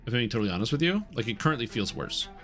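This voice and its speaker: A man's voice: mid-range voice, very animated, very fast, faint music behind. A man streaming a game, chatting candidly and explaining things as he plays. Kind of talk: casual gameplay commentary.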